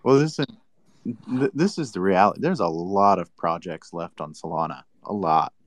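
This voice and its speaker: A man's voice: low voice, lively intonation, moderate pace, no echo. A man talking crypto in a casual chat, combative and teasing with mock annoyance. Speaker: crypto commentator.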